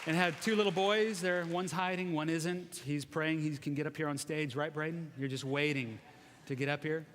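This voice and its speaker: A man's voice: fairly high pitch, fairly even intonation, normal speed, fairly bright tone, a little hiss or hum. A man in his forties giving a chatty, self-deprecating sermon, joking with the congregation in a large church sanctuary. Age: 40s. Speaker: guest preacher. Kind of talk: conversational sermon. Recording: long reverb of a church hall.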